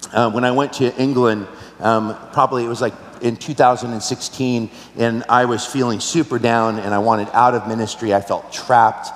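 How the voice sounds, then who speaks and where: Male pastor, earnest, personal sermon delivery, preaching in a big roomy church with long reverb. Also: mid-range voice. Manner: earnest, personal storytelling with rhetorical questions. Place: large church hall.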